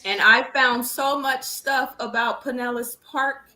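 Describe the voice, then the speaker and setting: A middle-aged woman, a grieving mother, speaking earnestly and haltingly as an interview guest. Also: sits high, fairly even intonation, bright, forceful tone, rough recording. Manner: earnest, halting, repeats words when upset. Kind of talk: emotional conversational interview.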